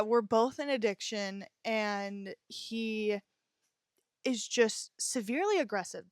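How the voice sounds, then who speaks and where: A woman's voice: mid-range voice, no echo, clean studio sound. A young woman hosting a podcast, telling her own story in a candid, rambling way, swearing freely. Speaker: podcast host. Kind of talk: casual personal storytelling. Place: indoors while it rains outside.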